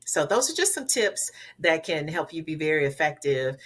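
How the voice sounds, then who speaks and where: A woman from the American South talks as a public speaking coach, her voice lowish and bright with a forceful edge. She lays out advice emphatically and repeats the words she wants to stick. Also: very animated, moderate pace. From Southern United States. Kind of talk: advice in a podcast interview.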